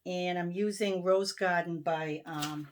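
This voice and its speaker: Woman, Boston accent, slightly low voice, casual rambling chat, home sewing room. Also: fairly even intonation, slow pace. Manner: chatty, many ums and restarts. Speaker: stitching vlogger. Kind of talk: casual show-and-tell chat.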